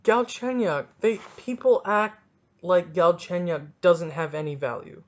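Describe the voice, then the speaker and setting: A man hosting a casual solo sports podcast, talking in an excitable, rambling and jokey way, with a stuffy nose. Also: sits high, a little slow, lo-fi sound. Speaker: podcast host.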